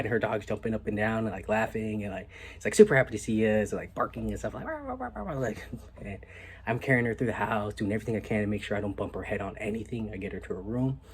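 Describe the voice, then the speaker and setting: A young man casually telling a story on his vlog, animated and laid-back, with a lot of "like" and some swearing. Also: on the low side, slight background noise. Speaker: vlogger.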